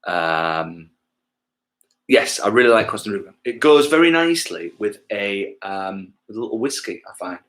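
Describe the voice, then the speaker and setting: A man's voice: on the low side, very animated, moderate pace, fairly bright tone, a little hiss or hum. A man from England, a touring musician, chatting casually to livestream viewers between songs, rambling and losing his thread, with casual swearing and self-mocking jokes. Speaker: musician hosting a livestream gig.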